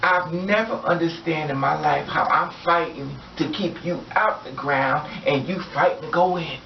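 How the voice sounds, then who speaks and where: A woman's voice: sits low, moderate pace, gravelly, hardly any pauses, distant mic, a little hiss or hum. Fiery, profane woman ranting in an echoey room. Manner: angry, blunt and profane, addressing viewers directly. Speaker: vlogger. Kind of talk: impassioned rant to camera. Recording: echoey room, off mic, dull lo-fi sound.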